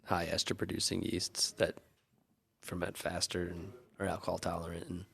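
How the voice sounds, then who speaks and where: A man's voice: low voice, completely flat delivery, normal speed, creaky, a bit bright, slightly rough. A man co-hosting a podcast in casual chat, telling stories in an easygoing, knowledgeable way. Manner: easygoing storyteller, knowledgeable about brewing. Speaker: podcast co-host.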